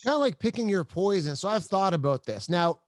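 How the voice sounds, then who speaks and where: A male podcast host telling a personal story in a halting, emphatic way, often repeating himself. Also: high-pitched, lively intonation, no room sound. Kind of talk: emotional interview storytelling.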